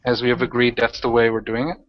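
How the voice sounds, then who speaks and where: A man narrating as game master of a tabletop role-playing game, talking in halting, rambling bursts with many restarts. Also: medium pitch, flat delivery, slight background noise. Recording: dull lo-fi audio.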